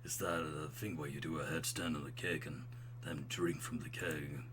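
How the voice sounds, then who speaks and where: A man voicing a smooth, laid-back young dad and old college buddy in a slow, deep, buttery drawl for a dating game. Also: steady tone, background noise. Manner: slow, mellow drawl ending on "bro".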